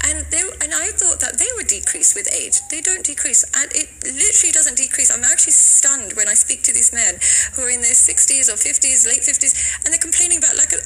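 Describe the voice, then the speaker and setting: A woman's voice: high voice, animated, fairly quick, over music, poor audio. A woman therapist speaking frankly and emphatically in an interview clip, acting out what her clients said. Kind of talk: opinionated interview talk.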